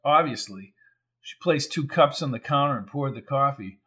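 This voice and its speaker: A man reading a crime novel aloud in even, measured scripted narration. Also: medium pitch, breathy edge. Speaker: audiobook narrator.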